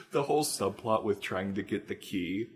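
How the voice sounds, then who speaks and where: A man co-hosting a casual podcast chat, telling stories with animated laughter. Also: on the low side, unhurried, breathy edge. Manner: animated storyteller, laughs while telling anecdotes. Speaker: podcast co-host.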